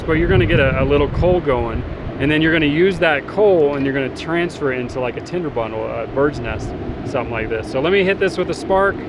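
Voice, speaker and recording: A man teaching a survival skill outdoors, talking in a relaxed, halting way with many fillers and restarts while wind blows. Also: mid-range voice. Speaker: survival instructor. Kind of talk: outdoor demonstration. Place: outdoors, windy. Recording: noisy outdoor recording. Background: wind and outdoor noise.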